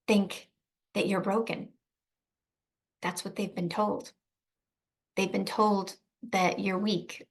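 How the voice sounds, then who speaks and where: Woman giving advice to parents, earnest and emphatic, repeats stuff, keeps asking "right?", mid-pitched voice. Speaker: trauma coach speaking to protective parents. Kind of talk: advice talk to camera.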